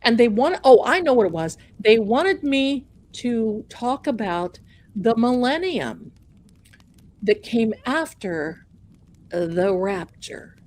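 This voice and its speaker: A woman's voice: fairly high pitch, lively intonation, takes it slowly, a little mellow. A woman hosting a live stream who tells a chatty, folksy, self-mocking story. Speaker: livestream host.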